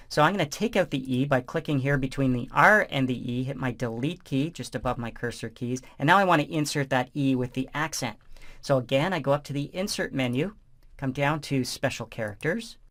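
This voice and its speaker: A male instructor with a medium-pitched voice narrates a software tutorial, explaining each step in a relaxed, conversational manner.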